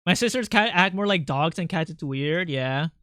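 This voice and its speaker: Bright, high-voiced young man chatting. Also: smooth, no echo, clean studio sound. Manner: rambling, animated, quick to laugh, chatting with viewers. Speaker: streamer. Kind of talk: casual livestream chat while drawing.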